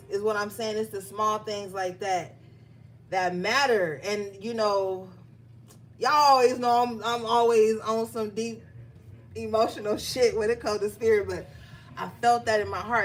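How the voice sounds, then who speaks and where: A woman giving a casual, emphatic tarot reading, talking straight to her viewers. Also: medium pitch. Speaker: tarot reader.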